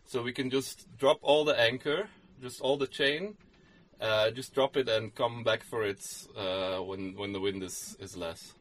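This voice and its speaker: A man co-hosting a casual podcast, his voice sitting in an ordinary middle pitch. He tells the story in a loose, rambling way, full of fillers and self-corrections. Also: steady tone, a little slow. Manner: rambling, many fillers and restarts. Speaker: podcast co-host.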